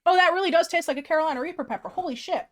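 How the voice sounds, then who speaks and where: A woman's voice: very high-pitched, very fast, a bit bright. A woman streamer chatting casually on a livestream, self-mocking and swearing freely.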